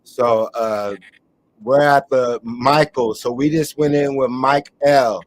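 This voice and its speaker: A man's voice: mid-range voice, takes it slowly, slight background noise, low-quality recording. A man hosting a live online talk show, delivering a rambling, emphatic monologue. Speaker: host.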